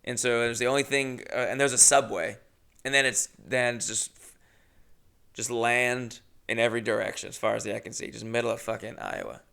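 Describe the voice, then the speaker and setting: A young man hosting a podcast, telling a comedic story in a rambling, profane, animated way. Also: mid-range voice, a little fast, vocal fry, smooth. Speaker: podcast host.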